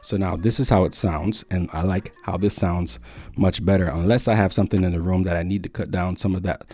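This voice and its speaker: Casting note: deep-voiced man, relaxed tech reviewer, faint music underneath. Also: a little fast. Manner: relaxed, explanatory, repeats words while thinking. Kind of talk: casual product review. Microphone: studio microphones being compared.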